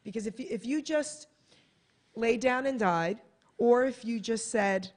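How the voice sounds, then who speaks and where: Animated American woman telling a story. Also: a little high, measured pace. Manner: animated, acts out quotes in a bright voice. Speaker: guest author. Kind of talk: casual radio chat, storytelling. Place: radio studio.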